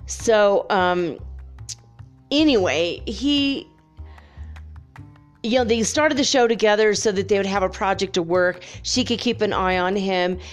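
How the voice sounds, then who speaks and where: A woman telling a story in a casual, chatty monologue, laughing often and filling pauses with ums and you-knows. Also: medium pitch, faint music behind.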